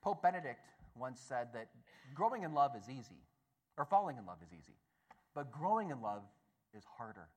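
A man giving a storytelling talk to an audience, animated and acting out voices, often stammering and restarting. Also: mid-range voice, normal speed. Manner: animated, acts out the voices in his stories. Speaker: speaker at a Catholic gathering.

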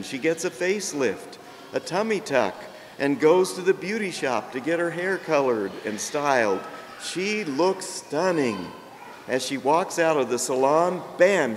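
An older man, a priest, preaching a sermon with jokes, told in a slow and gentle storytelling way. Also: fairly high pitch. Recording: long reverb, faint background noise.

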